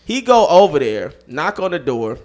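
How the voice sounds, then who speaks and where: A man hosting a comedy podcast, telling a profane story and acting out the people in it with loud bursts. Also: on the high side, big pitch swings, moderate pace. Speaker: podcast host.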